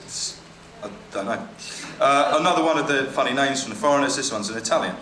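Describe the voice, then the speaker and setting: A man's voice: mid-range voice, fast. A man doing stand-up, reading jokes aloud in a dry, hesitant way with ums and trailing asides. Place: comedy venue stage. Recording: echoey room with background noise. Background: audience laughter.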